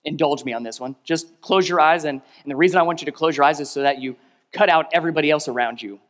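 A man preaching a sermon in a big church hall, his fairly high voice ringing out with a long reverb behind it. He leads the crowd to repeat phrases, climbing to loud emphatic peaks and then dropping to hushed, low lines. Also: quick pace. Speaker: pastor.

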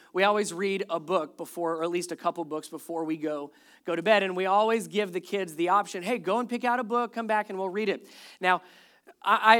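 A pastor in his thirties preaches a sermon conversationally, with wry humor and repeated stress on key words. His voice sits high and has a fairly bright tone.

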